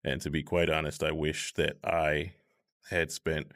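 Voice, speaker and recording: A man in his thirties in a casual conversation, talking in a measured, reflective way with many fillers. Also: extremely low pitch, flat delivery, a bit bright. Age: 30s.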